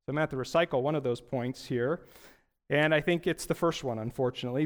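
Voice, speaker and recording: A man's voice: medium pitch, a little fast. A young adult male pastor preaching a sermon in a conversational way, often asking rhetorical questions.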